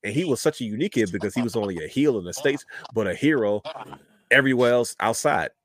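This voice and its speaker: A man's voice: medium pitch, lively intonation, quick pace, a bit bright. A man hosting a podcast in a casual, rambling chat, calling listeners brother. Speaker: podcast host.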